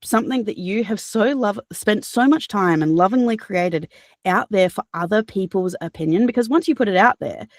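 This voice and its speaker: A woman's voice: medium pitch, moderate pace, no room sound. A woman with an Australian accent, a narrator and voice actor, talking earnestly in an interview, with many fillers and restarts. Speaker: guest, audiobook narrator and voice actor. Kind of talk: casual interview chat.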